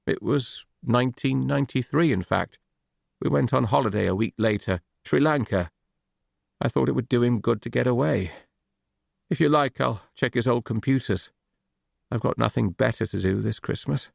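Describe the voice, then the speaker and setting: A man's voice: mid-range voice, normal speed, gravelly, no room sound, studio quality. A man voicing a shaky grieving dentist. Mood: shaken. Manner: shaky, hesitant.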